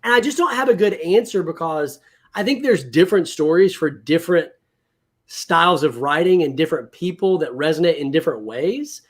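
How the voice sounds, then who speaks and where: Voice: medium pitch, expressive, fairly quick, husky. A livestream host chatting casually about comics and films, thinking aloud. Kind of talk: casual chat.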